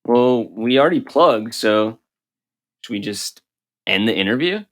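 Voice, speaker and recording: A man's voice: mid-range voice, lively intonation, a little slow, a bit bright. A man co-hosting a podcast in casual comedic chat, joking around and slipping into mock-formal phrasing. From United States. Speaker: podcast co-host.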